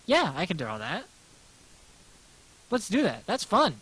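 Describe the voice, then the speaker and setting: An American man with a gentle, smooth voice, rambling casually to his livestream chat while he draws, self-deprecating and answering questions as they come. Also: high voice, huge pitch swings, slow, rough recording. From United States. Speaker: livestreaming artist.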